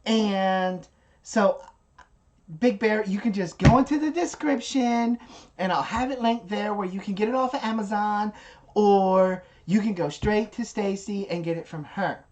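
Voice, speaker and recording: A woman's voice: medium pitch, unhurried, darkish tone, a little hiss or hum, voice pushed up, lightly acted. A woman doing an impression of a bubbly, cheerful female co-host, in a sing-song voice. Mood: chirpy.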